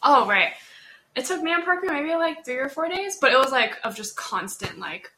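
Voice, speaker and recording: An easygoing young woman, a student, talks casually and laughs often, her voice bright and a little high. The room around her rings with echo, and a faint noise sits underneath. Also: big pitch swings, moderate pace. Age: young adult. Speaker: student, podcast co-host. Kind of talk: casual chat.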